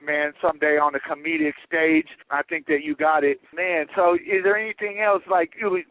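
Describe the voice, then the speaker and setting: A man's voice: a little high, no echo, phone-quality sound. A man co-hosting a casual interview, laughing often and reacting with enthusiasm. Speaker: podcast co-host.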